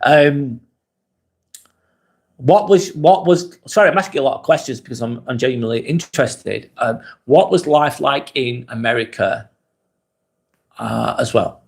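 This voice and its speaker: Relaxed man chatting on a live vlog. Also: medium pitch, a little slow, creaky, long pauses. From England. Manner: relaxed, chatty, asks many questions. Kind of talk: casual live-stream chat reading comments.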